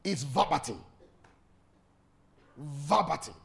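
A man's voice: fairly high pitch, animated, slow pace, creaky, fairly bright tone. A man preaching a sermon, leading call-and-response and laughing often.

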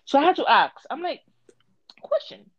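A woman's voice: mid-range voice, moderate pace, lo-fi sound. A woman co-hosting a casual podcast chat, blunt and heated, swearing freely as she tells a story with lots of energy. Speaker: podcast co-host.

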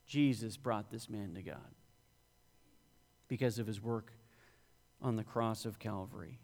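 A man's voice: medium pitch, steady tone, unhurried. A male pastor preaching a sermon, rising in emphasis on quoted scripture. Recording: long hall reverb.

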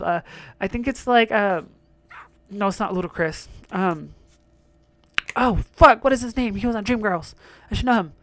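A man's voice: sits high, moderate pace, long pauses, no room sound. A young man hosting his own show, talking in a blunt, profane, exasperated rant. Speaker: solo podcast host. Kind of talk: casual rant monologue.

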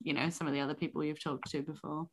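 A woman's voice: deep voice, flat delivery, quick pace, slight background noise. A woman narrating a tabletop game as game master in casual, filler-heavy talk.

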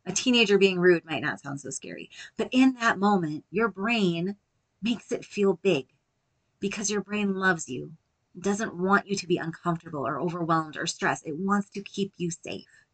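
Gentle low-voiced woman podcast host. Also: moderate pace. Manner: gentle, reassuring, softly spoken at times. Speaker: podcast host and life coach. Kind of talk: solo podcast talk.

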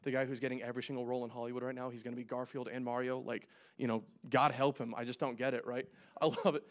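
A young man preaching a casual, conversational sermon, joking and making quick asides as he works through scripture. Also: medium pitch, flat delivery. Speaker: pastor.

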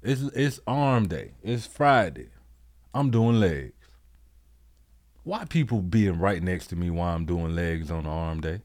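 A man with a very deep voice speaks bluntly and swears often in a podcast chat. He stumbles and restarts his lines as he works out what he means. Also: lively intonation, darkish tone. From United States. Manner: blunt, profane, halting restarts. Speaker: podcast co-host. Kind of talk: casual chat.

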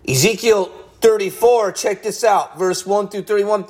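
An upset male pastor in full sermon, his voice sitting high for a man. He scolds and hammers each point, jumping between quiet asides and loud, heated outbursts. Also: unhurried, few pauses. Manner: heated, scolding, emphatic preaching with sudden swings of loudness. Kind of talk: fiery sermon.

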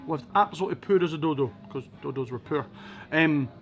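A Scottish man from Edinburgh, a podcast guest telling animated anecdotes with wry asides. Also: on the high side, fairly quick, lo-fi sound, soft background music. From Scotland, Edinburgh. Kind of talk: casual storytelling interview.

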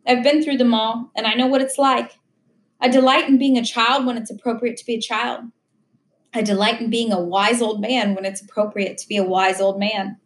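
A woman voicing a wise, gentle dying old professor of seventy-eight, speaking in an earnest, patient, teaching way. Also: a little high, steady tone, normal speed, slight background noise, natural voice. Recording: roomy echo.

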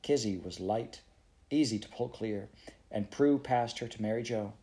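A man's voice: lowish voice, moderate pace, mellow. Man reading a children's novel aloud. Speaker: audiobook reader.

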